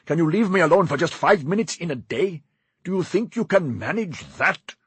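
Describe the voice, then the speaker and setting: Arrogant rich young boss, exasperated and shouting, put on by the narrator; raised, husky, lively. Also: male voice, a little high, moderate pace, no echo, pitched above the performer's own voice. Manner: shouting, contemptuous. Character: arrogant, irritable young rich male employer.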